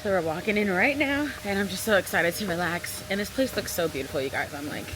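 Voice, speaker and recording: A young woman vlogging casually, gushing and excited as she shows around. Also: on the low side, quick pace, background noise. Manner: bubbly, gushing. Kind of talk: casual vlog narration.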